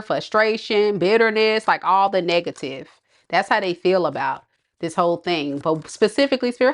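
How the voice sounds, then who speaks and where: A woman giving a casual tarot reading, chatty and slangy, laughing often and talking straight to her viewers. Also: mid-range voice. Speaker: tarot reader.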